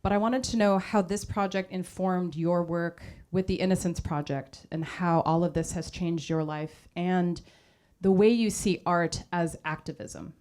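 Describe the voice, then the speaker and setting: A woman hosting a live stage interview, asking measured, prepared questions. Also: on the low side, steady tone, a little mellow. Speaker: host.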